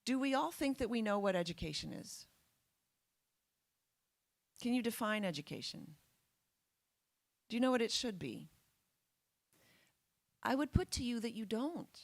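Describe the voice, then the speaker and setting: A woman's voice: on the high side, lively intonation, measured pace, vocal fry, long pauses, no echo. A woman giving a public talk to an audience, emphatic and full of rhetorical questions. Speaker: guest speaker.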